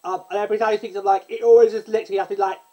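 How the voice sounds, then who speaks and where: A woman talks in a loose, chatty way, circling back and correcting herself mid-sentence. Her voice sits at an ordinary middle pitch for a woman. She often jumps up in pitch and gets louder when she gets excited. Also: rapid-fire, highs cut off. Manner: rambling, self-interrupting, breaks into sung snippets. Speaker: podcast host. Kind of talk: casual chat about a musical.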